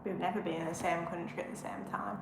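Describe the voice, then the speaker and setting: A woman's voice: fairly low pitch, flat delivery, fast, gravelly, roomy sound, slight background noise, rough recording. A woman co-hosting a casual livestream and chipping in with short, teasing remarks. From northern England. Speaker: co-host of a travel channel.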